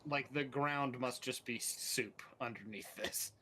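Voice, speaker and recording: Slow, bright-voiced player. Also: mid-range voice, a little hiss or hum. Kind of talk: casual game-table chat.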